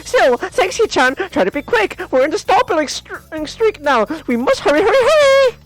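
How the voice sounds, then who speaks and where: A man voicing a bubbly, hyperactive teenage schoolgirl in a visual novel, squealing in a high sing-song. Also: very animated, normal speed, fairly bright tone, soft background music, full character voice. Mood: excited, hurried.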